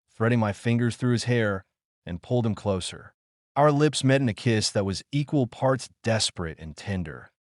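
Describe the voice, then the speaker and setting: A man reading a first-person story in a smooth, even, unhurried way. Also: lowish voice, no echo, clean studio sound.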